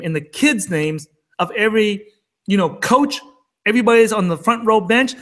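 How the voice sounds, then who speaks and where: A man's voice: high-pitched, moderate pace, fairly bright tone. A man co-hosting a trading talk show, talking in an emphatic, fired-up rant. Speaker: co-host of a crypto trading show. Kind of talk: casual chat.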